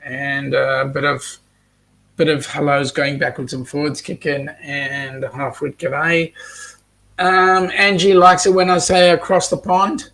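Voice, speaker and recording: A man's voice: fairly high pitch, steady tone, measured pace, bright, forceful tone. An Australian man hosting a casual live stream, chatting and reading out viewer comments with plenty of ums. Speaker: host reading live chat.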